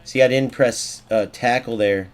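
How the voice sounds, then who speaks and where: Excitable man ranting over gameplay. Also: medium pitch, unhurried. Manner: excitable, swears, rants at the game. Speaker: gaming streamer. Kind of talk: live gameplay commentary.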